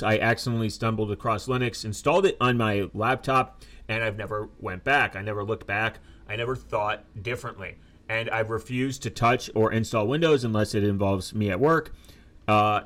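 Young man, slightly low voice, casual rambling vlog, halting delivery, many fillers. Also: a bit bright. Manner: halting, loose, reads facts aloud with many fillers and restarts. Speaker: tech vlogger.

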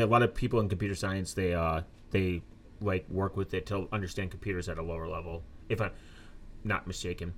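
A young man with a slightly low voice explains tech in a loose, casual ramble. He trips over his words, restarts phrases and fills pauses with filler words. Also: fairly bright tone. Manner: halting, loose, reads facts aloud with many fillers and restarts. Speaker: tech vlogger.

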